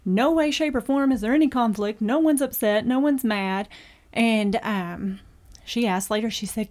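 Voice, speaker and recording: A middle-aged woman leads a podcast discussion with a fairly high voice. She speaks in a matter-of-fact way and tells stories with animation. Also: a little fast, darkish tone. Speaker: host.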